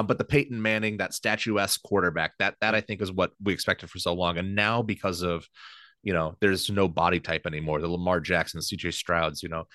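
Man, very low voice, dry close sound, rambling sports podcast chat. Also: sharp tone, dry recording. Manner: rambling, self-correcting, laughs easily. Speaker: podcast co-host.

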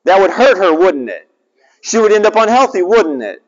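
A man's voice: high voice, normal speed. A man preaching a sermon, telling family stories with voices and asking his listeners rhetorical questions. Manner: animated storytelling, acting out family dialogue and rhetorical questions. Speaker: pastor. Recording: dull sound in a reverberant hall.

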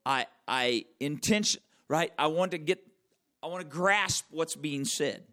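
A man preaching a conversational sermon, checking in with the audience with frequent questions and slowing right down to stress key words. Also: fairly high pitch. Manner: wide swings in loudness and emphasis, drawn-out slow words. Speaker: pastor.

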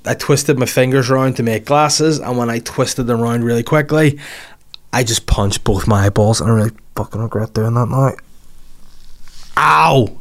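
A man in his thirties with a Northern Irish accent, hosting a casual podcast with brash, crude, self-mocking banter. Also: medium pitch. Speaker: podcast host. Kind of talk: casual podcast chat and read ads.

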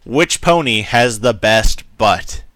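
A man's voice: on the low side, expressive, slow, fairly bright tone. A man hosting a podcast, joking around and reading out listener questions. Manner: jokey, reads out questions. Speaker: podcast host. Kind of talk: casual chat.

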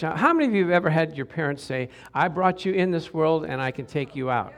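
A man's voice: a little high, expressive, normal speed. Middle-aged male preacher, easygoing sermon voice, keeps asking the congregation questions. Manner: conversational, asks the crowd questions, jokes and laughs.

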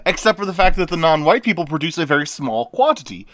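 A man casually riffing with friends over a movie, jokey and animated, swinging up high for bits. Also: fast talker.

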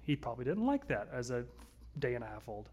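A man, likely in his thirties, preaching a conversational sermon, earnest, swinging between louder and softer passages. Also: medium pitch, very animated, fast, breathy edge. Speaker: pastor.

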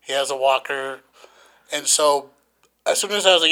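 A man's voice: mid-range voice, moderate pace. A man co-hosting a podcast, telling a story in casual, profane talk and acting out the voices. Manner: profane, animated, acts out voices. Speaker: podcast co-host.

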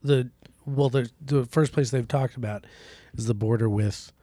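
A man co-hosting a comedy podcast, delivering outrageous news items in a flat, mock-serious newsreader way. His voice sits mid-range and sounds dry and close to the mic. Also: mid-range voice, moderate pace, no echo. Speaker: podcast co-host.

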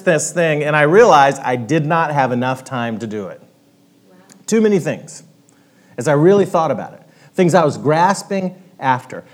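A man preaching a sermon in a church, animated and interactive, guiding the congregation through a hands-on exercise. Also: fairly high pitch. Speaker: pastor.

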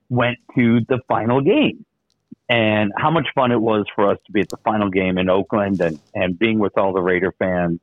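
A radio host in easy, rambling chat, trailing off with relaxed filler pauses as he spins stories. His voice comes through thin and narrow, like a phone line. The sound is dry, with no room to it. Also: fairly low pitch, no echo. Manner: storytelling, easygoing with filler "uh". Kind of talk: casual radio chat, telling jokes.

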